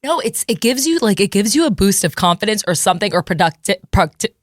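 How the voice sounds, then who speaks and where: A woman's voice: mid-range voice, big pitch swings, quick pace, dry recording, clean studio sound. A young woman from New Jersey hosting a podcast, chatting casually and rambling, with many fillers and laughs. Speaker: podcast host.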